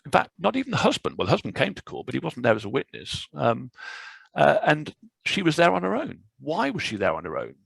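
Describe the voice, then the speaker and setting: A man presenting a legal webinar as a barrister, speaking in a measured, explanatory way with frequent fillers, over a video call. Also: on the high side, wildly swooping pitch, creaky, a bit bright, husky, no room sound, poor audio. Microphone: video call microphone.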